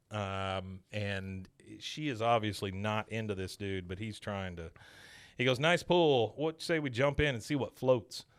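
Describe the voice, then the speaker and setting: A man hosting a podcast, casually recapping an episode as an animated, rambling storyteller full of filler words. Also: lowish voice, clean tone, dry recording. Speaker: podcast host.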